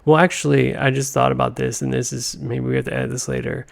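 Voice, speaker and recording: A man hosting a comedy podcast, talking in a meandering, deadpan monologue full of tangents. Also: medium pitch, fast talker, gravelly. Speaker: podcast host.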